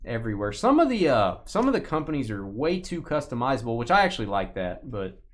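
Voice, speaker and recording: A man's voice: mid-range voice, big pitch swings, fast. A man hosting a live sports card break stream, chatting casually, joking and rambling with a co-host and viewers. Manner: joking, rambling, reads viewer chat aloud.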